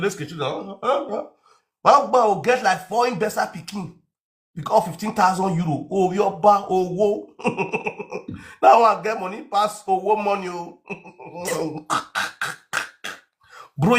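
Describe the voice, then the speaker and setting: A Nigerian man rants for laughs in a slightly raised voice. He swings from low muttering into shouting and lands on mock accents. His delivery stays lively and restless throughout. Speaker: comedian. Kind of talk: comic rant.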